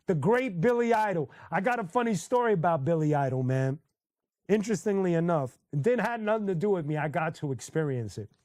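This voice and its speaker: A man with a high voice hosts a casual live stream and talks in a loose, chatty way. He tells stories with plenty of energy and slips into quick sung bits and laughter. The sound is dry and close, with no room echo. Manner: animated storyteller who sings snippets and laughs often. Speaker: host.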